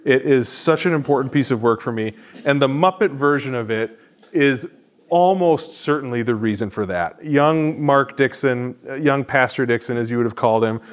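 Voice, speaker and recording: A man's voice: medium pitch, smooth. A man, a pastor, teaching an adult education class in a church classroom in a conversational, self-deprecating way.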